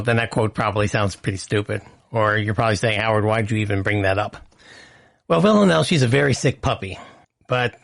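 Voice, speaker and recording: A man's voice: mid-range voice, gravelly. Brief: male podcast host, casual, opinionated rant delivery. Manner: chatty, opinionated, ranting.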